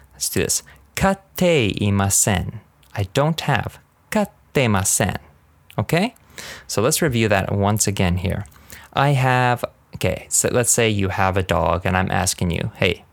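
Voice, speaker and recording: A man giving a casual podcast language lesson, rambling and laughing often, drilling words slowly. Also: lowish voice, creaky, dry recording. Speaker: language teacher.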